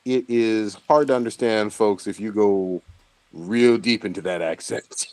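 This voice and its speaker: A man's voice: lowish voice, a little slow, darkish tone, dry recording. A man co-hosting a podcast, making emphatic points in casual chat full of swearing. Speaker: podcast co-host.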